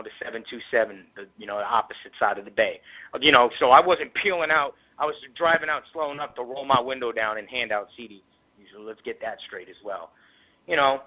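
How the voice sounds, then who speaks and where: Rapper interview guest from the Tampa Bay area, a man with a mid-range voice, heated profane storytelling, phone-quality audio. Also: mid-range voice. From Tampa Bay area, Florida. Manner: heavily profane, streetwise slang; grows heated and louder. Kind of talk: casual storytelling. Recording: tinny phone-line recording.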